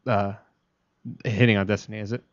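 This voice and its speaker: A man's voice: lowish voice, steady tone, brisk, no room sound, dull audio. A man hosting a talk show, asking his guest questions in an upbeat, casual way. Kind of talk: casual interview chat.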